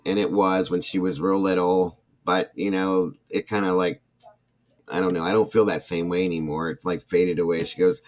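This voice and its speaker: An older man with a very low voice hosts a casual livestream. He tells a long family story in a rambling, heated way, restarting his sentences and turning to his viewers. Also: steady tone, moderate pace, highs cut off. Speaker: host.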